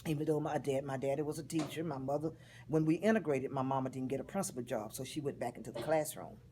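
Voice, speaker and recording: A woman, telling a personal story in an interview in a heartfelt, expressive way. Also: very deep voice, quick pace, a little hiss or hum. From Texas. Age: 50s.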